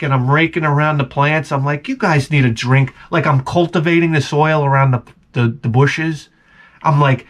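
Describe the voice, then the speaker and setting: Animated rambling male toy vlogger. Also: fairly high pitch. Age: adult with a young son. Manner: rambling, animated, acts out quoted voices. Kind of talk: casual storytelling monologue.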